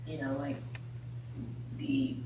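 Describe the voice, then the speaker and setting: A woman's voice: takes it slowly, dark tone, a little hiss or hum. A woman minister giving a playful sermon with jokes, often asking the congregation questions. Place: church hall. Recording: echoey hall from a distance.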